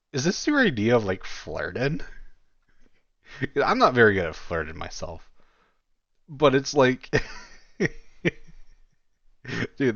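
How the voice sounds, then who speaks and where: A man's voice: fairly low pitch, fairly bright tone, dry recording, dull audio. A man giving casual commentary on a chat log, mocking and incredulous, and swearing freely.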